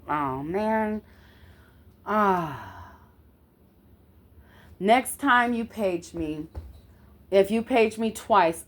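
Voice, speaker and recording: The vlogger's fairly low voice has a fairly bright tone as she forcefully and indignantly relates an episode from her own life. She curses now and again and keeps making sure the listener follows along.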